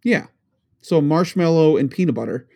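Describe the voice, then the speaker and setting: A man's voice: fairly high pitch, expressive, moderate pace, vocal fry, a little mellow. A man in his thirties from New England, co-hosting a casual chat, rambling and giggling with stammering restarts. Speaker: podcast co-host, father.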